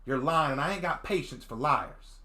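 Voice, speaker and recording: A man voicing a rough, distrustful young dragon girl with a put-on Southern country accent, speaking low and curt with rural grammar in a visual novel reading. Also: normal speed, pushed and bright. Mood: hostile. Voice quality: low, frustrated, growling. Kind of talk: visual novel read-aloud.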